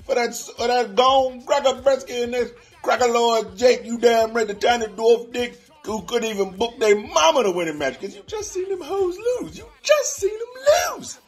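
A man's voice: sing-song, normal speed, hardly any pauses. A man voicing a brash, trash-talking male wrestler who hypes his club in a profane, boastful promo. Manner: profane, boastful, with wild pitch swings.

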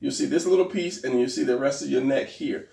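A man's voice: medium pitch, brisk, vocal fry, mellow. A man giving a casual drawing tutorial, thinking aloud as he sketches and points things out. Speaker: art instructor. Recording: roomy, distant mic.

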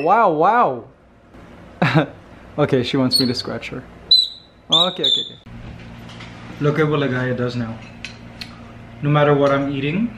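A man vlogging casually, playful and laughing often, cooing softly to his pet bird at home. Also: medium pitch, noisy background. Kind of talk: casual vlog chat. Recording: roomy echo with music behind.

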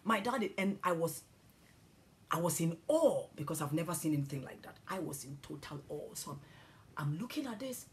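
A woman from Ghana telling a spiritual testimony, animated and emotional, with hushed, awed passages. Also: low-pitched, moderate pace, slight background noise. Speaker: Christian speaker.

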